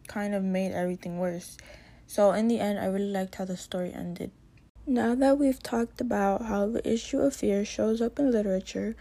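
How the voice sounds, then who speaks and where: Woman, student presenter, mellow warm voice, earnest steady read, casual at times. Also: medium pitch. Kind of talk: reading a prepared literature presentation.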